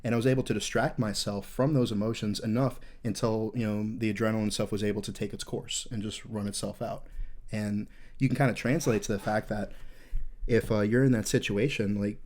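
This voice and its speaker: A man's voice: lowish voice, steady tone, fairly quick, a little mellow. A young adult man hosting a podcast, telling a war story in a profane, intense, rambling way with frequent fillers. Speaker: podcast host, veteran.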